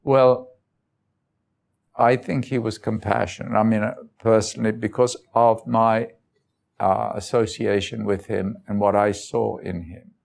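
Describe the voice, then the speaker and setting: A man's voice: lowish voice, flat delivery, unhurried, vocal fry, darkish tone. A man giving an informal talk, telling personal stories in loose, conversational phrasing and chuckling often. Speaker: guest speaker.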